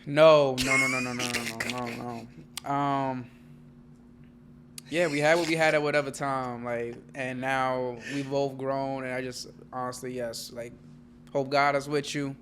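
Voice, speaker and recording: Slangy laid-back guy on a podcast, mid pitch, bit of faint noise behind. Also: steady tone, a little slow. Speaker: podcast co-host. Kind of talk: casual chat.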